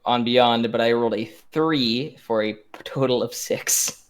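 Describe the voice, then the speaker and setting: Man, player in an online tabletop game, hesitant, distracted, mid-pitch voice. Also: measured pace, clear, resonant tone. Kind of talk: casual chat over voice chat.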